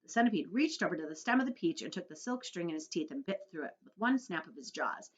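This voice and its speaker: A woman's voice: lowish voice, quick pace, dull audio. A woman teacher reading a children's book aloud to her class, telling it expressively. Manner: expressive storytelling.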